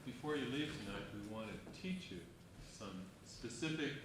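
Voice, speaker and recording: A man co-teaching a lecture, explaining calmly, on an old reel-to-reel tape. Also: mid-range voice, normal speed. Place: lecture hall. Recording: old lecture tape, distant mic in very echoey hall, faint hiss.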